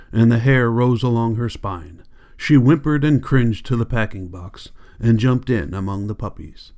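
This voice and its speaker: A man reads an audiobook aloud in a calm, measured way. His voice sits in the mid range.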